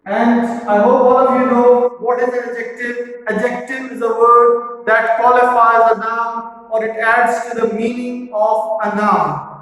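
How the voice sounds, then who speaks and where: Slow-talking man teaching in an echoey room. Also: very high-pitched, level tone, fairly bright tone, soft background music. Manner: slow, deliberate, repeats key terms. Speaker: literature teacher. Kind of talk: lecture-style explanation. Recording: echoey room with long reverb.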